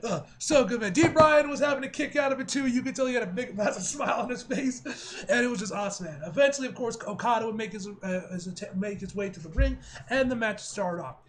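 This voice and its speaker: A young man giving an excitable, slangy wrestling review, laughing and swearing often. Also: very high-pitched, fast. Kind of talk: casual video review.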